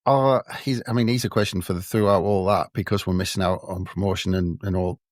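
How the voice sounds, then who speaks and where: A chatty man throws questions to his co-host on a podcast. His voice sits low, and the sound is dry and close. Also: steady tone, fairly quick, dry recording. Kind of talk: casual podcast chat.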